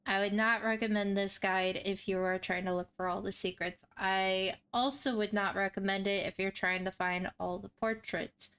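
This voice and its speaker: A woman's voice: medium pitch, steady tone, moderate pace, few pauses, fairly bright tone, smooth. A woman hosting a game walkthrough, chatting casually in a rambling, self-deprecating way. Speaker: gaming walkthrough host.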